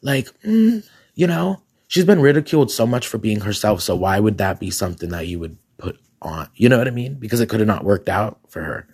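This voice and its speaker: A man with a raspy voice, hosting a podcast alone as a drag queen, chatting in a sassy, gossipy way and laughing often. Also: on the low side, big pitch swings, brisk, a little mellow. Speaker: podcast host. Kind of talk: casual solo podcast chat.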